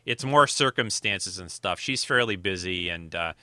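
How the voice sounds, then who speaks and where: A man's voice: low-pitched, lively intonation, moderate pace, bright, forceful tone, dry recording. A man hosting his podcast in casual chat, rambling and often restarting his sentences. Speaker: podcast host.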